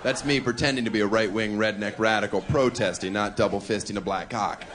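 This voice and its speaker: On a club stage, a male stand-up comedian delivers a brash, provocative routine full of wry asides, speaking a little fast in a lowish, steady voice. He holds a handheld mic, and the live audience makes the room noisy.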